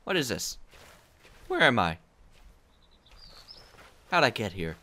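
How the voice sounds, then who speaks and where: A man doing let's play commentary on a horror game, jokey and muttering, breaking into panicked yelling when scared. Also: medium pitch, wildly swooping pitch, slow.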